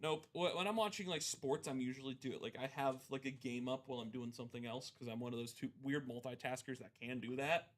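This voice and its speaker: A man's voice: mid-range voice, fast talker, hardly any pauses. A young man in his twenties co-hosting a live sports card break, chatting casually and telling stories with voiced quotes. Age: 20s. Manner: animated storytelling with voiced quotes. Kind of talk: casual chat.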